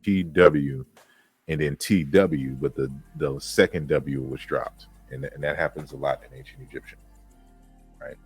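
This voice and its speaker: A man's voice: a bass voice, steady tone, unhurried, slightly rough, faint music behind. A man giving an informal online lecture on historical linguistics, walking through slides and reading out word meanings, with frequent fillers and restarts.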